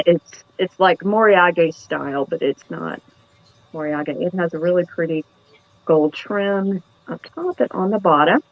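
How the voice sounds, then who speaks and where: A tired woman hosts a live sale in a chatty, giggly way. The sound is dull and dry, with no room echo at all. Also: medium pitch. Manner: chatty, giggly, describes items. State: tired from lack of sleep. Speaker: host of a live antiques sale. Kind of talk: casual live-sale chat.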